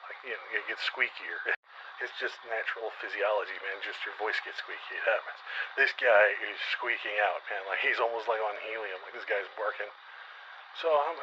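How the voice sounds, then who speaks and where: A man's voice: lowish voice, highs cut off, background noise. Rambling man telling a survival story. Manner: rambling and profane, with many fillers and asides. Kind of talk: first-person post-apocalyptic storytelling.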